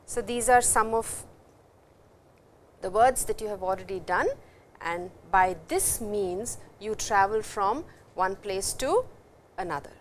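A woman giving a recorded university language lecture, speaking slowly and patiently, repeating words and stressing how they sound. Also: medium pitch, animated, slight background noise. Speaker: language teacher.

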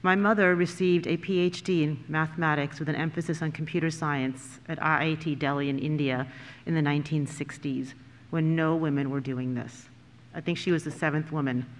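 A woman from California, a school board member, gives formal prepared remarks at a public meeting in a measured, earnest way with emphatic pauses. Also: low voice, steady tone, long reverb tail. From California, United States.

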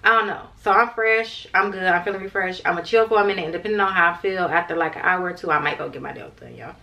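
A woman's voice: fairly low pitch, fast talker, vocal fry, bright, forceful tone, dry recording. A young woman talking casually to her viewers in a vlog, chatty and always calling them y'all. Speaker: vlogger. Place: in her car, later at home. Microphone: handheld camera mic.

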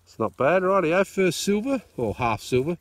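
A man's voice: high-pitched, sing-song, moderate pace, dry recording. An Australian man hosting a metal detecting outing outdoors, chatty and joking, filmed on a phone. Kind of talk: casual chat. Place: dry field outdoors. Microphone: phone camera.

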